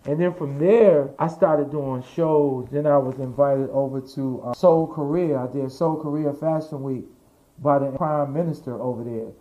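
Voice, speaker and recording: A man being interviewed as a fashion designer, telling his story in a lively, profane way and acting out the voices of the people he quotes. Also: medium pitch, moderate pace, narrow, tinny audio.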